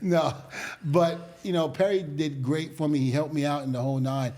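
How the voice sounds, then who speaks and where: A middle-aged man, a guest in an interview, telling animated stories in a casual way and laughing often as he goes. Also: a little high, moderate pace.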